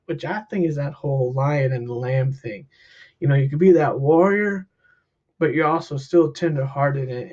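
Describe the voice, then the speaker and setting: A man, a counselor, telling a personal story in a casual, animated way, jumping up in pitch when he acts out what people said. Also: husky. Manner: animated, acts out quotes with big pitch jumps. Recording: dull lo-fi recording.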